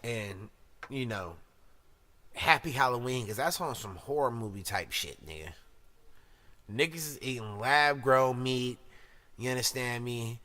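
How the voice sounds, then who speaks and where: Bright-voiced profane podcast host. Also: male voice, medium pitch, a little slow, long pauses. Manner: loud, swearing rants with shouted put-on voices. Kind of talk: profane casual monologue.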